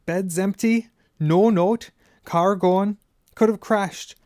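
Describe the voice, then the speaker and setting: A man's voice: a little high, normal speed, warm tone, clean tone, no room sound, clean studio sound, natural voice. A man voicing a stern middle-aged mother who scolds her sons and fusses over a guest, in an audiobook. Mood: furious. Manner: scolding, then fussing tenderly. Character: stern, fussing middle-aged mother, loud when angry. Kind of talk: audiobook character voice.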